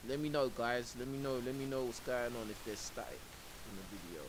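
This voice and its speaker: Speaking fairly quickly in a medium-pitched voice, a streamer rants indignantly while reacting to a clip and keeps dropping "bro." He uses his own mic, and a faint hiss sits under the audio.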